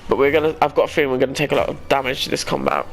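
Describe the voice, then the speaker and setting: A man's voice: medium pitch, rapid-fire, vocal fry, faint music behind. A man giving casual let's-play commentary, thinking aloud as he plays and poking fun at himself now and then. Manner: thinks aloud, rambling and self-deprecating. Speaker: gaming YouTuber.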